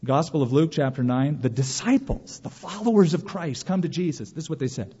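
A man preaching a sermon as pastor, animated, with quick mock quotes of others. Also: medium pitch, breathy edge, big-room sound, muffled recording.

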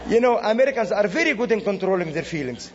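In a church sanctuary, a high-voiced man from the Middle East talks fast as a guest speaker, delivering a sermon through animated stories with acted-out dialogue. The dull lo-fi audio has background noise and the hall reverberates.

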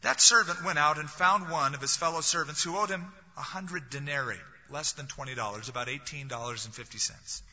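A man delivers a sermon in a bright, cutting, somewhat husky voice that sits a little high. He talks conversationally and drops in wry jokes. The recording is dull and lo-fi, with a long reverb tail as if in a large hall. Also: fairly quick, few pauses. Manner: conversational, with wry humorous asides. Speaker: pastor.

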